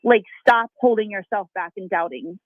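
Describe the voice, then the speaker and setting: A woman's voice: mid-range voice, moderate pace, no room sound. Gushing woman on a tinny phone line. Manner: gushing, emotional, rambling. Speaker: spiritual reader on a call-in segment. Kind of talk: intuitive reading on a radio show.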